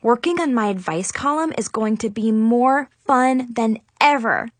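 A young woman narrating a story in a lively, expressive reading style. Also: a little high, unhurried, no room sound. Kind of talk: scripted audiobook narration.

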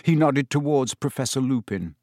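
A man narrating an audiobook with expressive storytelling. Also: medium pitch, normal speed, no room sound, studio quality. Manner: expressive storytelling with character voices. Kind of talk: scripted narration.

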